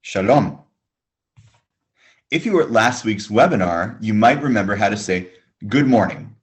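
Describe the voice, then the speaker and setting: A man leads a beginners' Hebrew lesson over a webinar microphone. His voice sits a little low, and he spaces out each word for listeners to echo back. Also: animated. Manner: slow, drilled listen-and-repeat prompts. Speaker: Hebrew teacher. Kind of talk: online language lesson.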